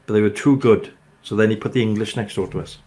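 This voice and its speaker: A man's voice: lowish voice, fast, darkish tone. An older man with a Welsh accent, hosting a casual chat and telling rambling, jokey stories. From Wales. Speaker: host.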